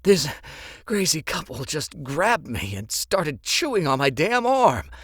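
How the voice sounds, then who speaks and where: Guy reading an audiobook doing a bleeding hurt man, gasping, strained and breathless, pitched up high. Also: sing-song, takes it slowly, fairly bright tone, slightly rough, no room sound, studio quality, heavily acted. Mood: pained. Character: wounded bleeding adult man, gasping and weak.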